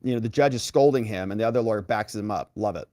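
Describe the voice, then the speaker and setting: A man hosting a legal commentary show, recapping courtroom testimony in a lively way and acting out the people he quotes. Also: on the low side, fast talker, no room sound, studio quality.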